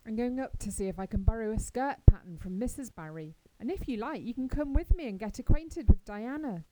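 A woman voicing a stern, practical older woman who scolds briskly in a storybook reading. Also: a little high, animated, dark tone, slight background noise, natural voice, poor audio. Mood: brisk scolding.

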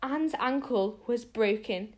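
A woman's voice: on the high side, slow. Woman reading a storybook aloud, stumbling a little. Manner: expressive reading with frequent small stumbles and restarts. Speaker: narrator.

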